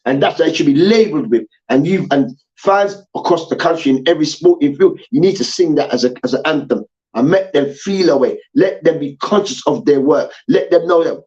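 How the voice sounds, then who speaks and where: A man's voice: fairly high pitch, expressive, brisk, hardly any pauses, a little mellow, highs cut off. A man hosting a heated sports debate show, ranting and swearing, repeating his points and mocking people with chants.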